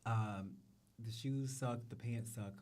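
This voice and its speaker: A man's voice: medium pitch, takes it slowly, a little mellow. Guy host riffing on runway fits, loose slangy and cussing, says stuff twice. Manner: chatty, slangy, profane, repeats phrases. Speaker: show host. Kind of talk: casual fashion commentary.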